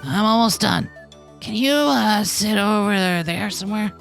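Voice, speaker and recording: A man voicing a busy young woman scientist who talks in a halting, absent-minded way. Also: sits high, vocal fry, a bit bright, faint music behind, voice pushed up, exaggerated voice. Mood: distracted.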